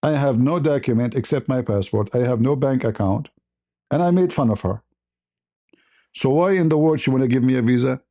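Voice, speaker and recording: A man's voice: mid-range voice, brisk, mellow. A man from the Middle East, host of a live stream, telling a story in simple learned English, laughing often and acting out the dialogue. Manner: speaks English as a learned language, simple phrasing. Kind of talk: casual storytelling.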